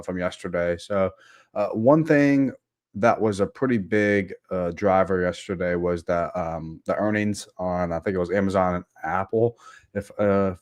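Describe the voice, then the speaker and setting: A man giving relaxed live commentary on futures charts, with frequent fillers. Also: low voice, dry recording. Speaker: futures trader.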